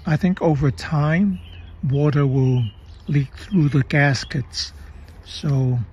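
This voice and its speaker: A man giving an unhurried, casual show-and-tell narration of his setup in a garage and yard, with pauses and fillers. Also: on the high side, darkish tone, breathy edge, lo-fi sound. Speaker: DIY video maker. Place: garage and yard, partly outdoors.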